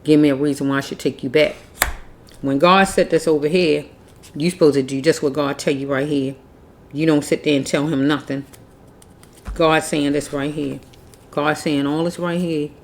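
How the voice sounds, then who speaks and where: A woman's voice: sits low, fairly even intonation, normal speed, long pauses, a little hiss or hum. A woman giving a casual tarot reading, blunt and preachy, repeating herself as she scolds. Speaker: tarot reader.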